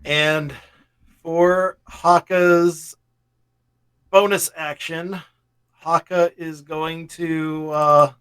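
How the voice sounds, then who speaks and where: A man's voice: fairly high pitch, fairly bright tone, smooth. A man playing a tabletop game, laying out his turn step by step. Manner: deliberate, describes turns step by step. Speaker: player. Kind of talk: casual tabletop play.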